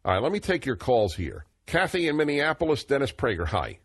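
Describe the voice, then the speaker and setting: A man's voice: medium pitch, sing-song, brisk, husky, no echo. A man, hosting a call-in radio talk show, expansive and opinionated, chuckling now and then.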